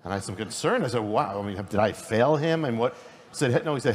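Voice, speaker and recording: A middle-aged man preaching at a conference in a quick, conversational way, often restarting his sentences. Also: mid-range voice, lively intonation. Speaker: pastor and speaker. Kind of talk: conference sermon. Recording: long hall reverb, faint noise.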